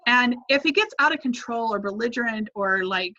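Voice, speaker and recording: Woman parenting instructor, bright and high, chatty with restarts; muffled lo-fi sound. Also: animated, moderate pace. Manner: conversational, many restarts, models phrases to say to kids. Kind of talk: advice in a live Q&A.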